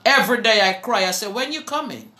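A woman with a Jamaican accent preaching to a live online audience, slow and fervent, at times breaking into song. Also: fairly high pitch, animated, bright, forceful tone, roomy sound.

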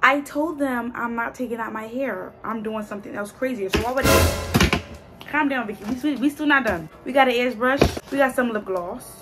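A young woman, talking casually and excitedly to her viewers in a hair vlog. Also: fairly high pitch, moderate pace, over music. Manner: animated, exclaiming, talks straight to viewers. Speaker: hair vlogger.

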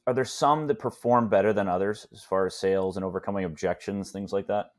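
Low-voiced man hosting a podcast. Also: steady tone, quick pace, crowd noise. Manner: hesitant, searching questions. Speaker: podcast host. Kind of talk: casual interview questions.

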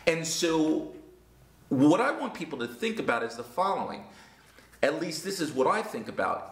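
A man's voice: medium pitch, fairly bright tone. A man teaching English, answering a viewer's question in an earnest, emphatic way with many rhetorical questions. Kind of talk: talking-head lesson answering a viewer question. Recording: roomy echo.

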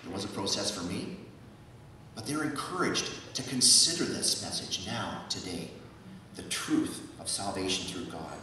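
A man's voice: deep voice, expressive, unhurried, bright, forceful tone, slight background noise. A man preaching a sermon as pastor, asking rhetorical questions and repeating key words for emphasis. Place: church sanctuary. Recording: echoey church hall, from far off.

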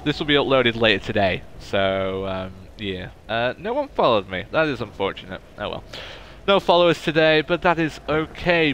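A young man, chatting excitably to viewers on his game stream through a cheap microphone. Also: mid-range voice, normal speed, slight background noise. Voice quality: recorded on a cheap mic. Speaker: gaming streamer. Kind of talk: casual live-stream chatter. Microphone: cheap desk microphone.

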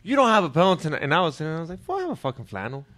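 A man's voice: fairly high pitch, very animated, a crowd in the background. A man who is a guest on a podcast, chatting casually and often repeating words as he starts a thought. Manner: quick, stumbling, repeats words. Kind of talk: casual chat.

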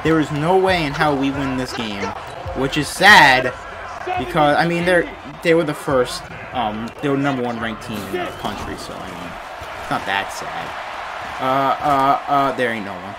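A young man giving live commentary while playing a football video game, ranting in frustration, swinging between low mutters and loud outbursts. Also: animated, normal speed, background noise. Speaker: gaming YouTuber.

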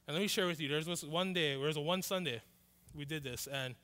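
A man's voice: fairly high pitch, fast talker, pushed and bright, clean tone. A male pastor, telling a story in a sermon and acting out both sides of the dialogue. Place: church hall. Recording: reverberant church hall.

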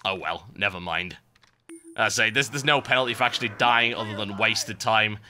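Sarcastic male gameplay commentator, rambling, very bright tone. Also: lowish voice, moderate pace, a little hiss or hum. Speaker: game commentator. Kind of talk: let's play commentary. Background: game music.

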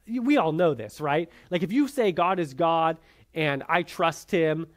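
A man leads a church Bible class, his voice sitting a little higher than most. He talks conversationally and keeps checking in with "right?" as he goes. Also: animated, unhurried.

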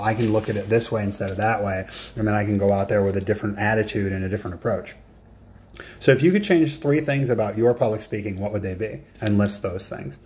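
A man gives a recorded coaching lesson, addressing the listener directly and setting writing tasks. His voice is lowish with a darkish tone.

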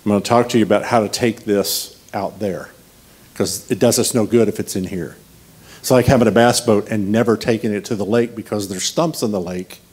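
A man with a somewhat low voice delivers a sermon as a guest preacher. He talks in a relaxed, conversational way, weaving personal stories with humor. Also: brisk, breathy edge. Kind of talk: storytelling sermon.

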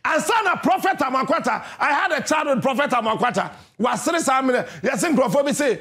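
High-pitched emphatic Ghanaian man. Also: expressive, brisk, hardly any pauses. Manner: emphatic, often shouting and mimicking others. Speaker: radio host. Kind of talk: animated storytelling monologue.

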